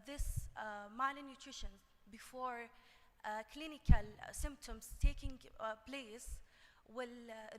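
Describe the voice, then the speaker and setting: A woman giving a conference talk on clinical nutrition, halting with many fillers and restarts. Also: on the high side, a bit bright. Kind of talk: conference presentation. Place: conference hall. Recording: long hall reverb.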